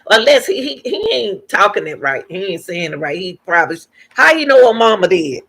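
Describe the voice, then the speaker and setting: Gravelly woman host giving emphatic commentary. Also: medium pitch, big pitch swings, fairly quick, few pauses, a bit bright. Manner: emphatic, repeats points to viewers. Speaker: reaction channel host. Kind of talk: reaction commentary.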